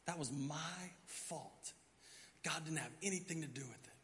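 A middle-aged man preaching from the pulpit, telling a story with lively acted-out moments. His voice is fairly high and forceful. The sound rings with the long reverb of a church hall. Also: normal speed, slight background noise. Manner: animated storyteller, acts out his own panicked thoughts. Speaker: pastor. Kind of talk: sermon storytelling. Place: church sanctuary.

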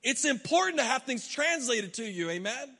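Bright-voiced pastor in a reverberant hall. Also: male voice, very high voice, moderate pace. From United States. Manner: animated, humorous storyteller, acts out his own reactions. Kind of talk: sermon with personal storytelling. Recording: long reverb of a large hall.

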